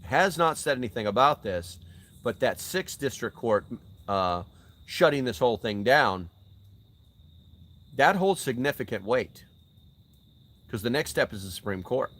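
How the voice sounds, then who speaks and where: A man's voice: mid-range voice, expressive, measured pace, pauses often, a bit bright. An older man hosting a casual live-stream chat outdoors by a fire. He is blunt and swears, and he drives his points with emphatic rhetorical questions. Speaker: channel host answering live chat.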